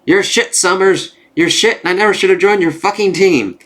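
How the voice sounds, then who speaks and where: A man's voice: high voice, moderate pace, fairly bright tone, voice pushed up. A man voicing a hostile, foul-mouthed young male telepath who hurls insults. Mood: scornful. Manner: insulting, swearing.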